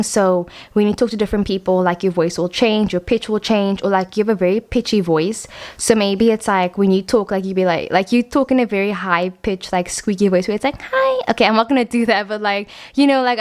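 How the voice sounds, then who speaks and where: A woman giving a casual pick-a-card tarot reading to camera, chatty and rambling, full of "like" fillers, at times lively and quick. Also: mid-range voice.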